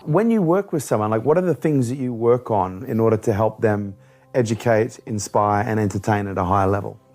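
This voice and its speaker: A man's voice: lowish voice, a little fast, a little mellow, faint music behind. A man hosting an interview, asking curious, brief questions.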